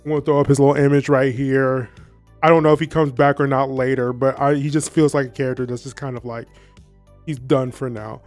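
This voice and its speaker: A man's voice: medium pitch, little pitch movement, brisk, a little mellow, faint music behind. A man hosting a casual commentary recap, rambling and profane and often laughing. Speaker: video essay host.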